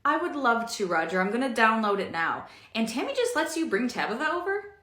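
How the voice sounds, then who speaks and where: A woman voicing a shy, soft-hearted young coworker who asks curious questions. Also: on the high side, big pitch swings, brisk. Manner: curious, easily touched. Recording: echoey room.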